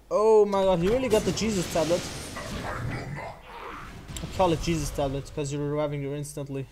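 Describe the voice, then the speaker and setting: A man giving excitable gameplay commentary while playing, whooping, swearing and exclaiming often. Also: fairly high pitch, brisk, pauses often, slight background noise. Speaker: channel host playing a mobile game.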